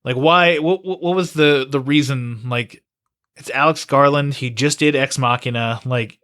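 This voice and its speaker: A man hosting a podcast in casual chat, animated and firing off rhetorical questions. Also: mid-range voice, moderate pace, clean tone. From United States. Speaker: podcast host.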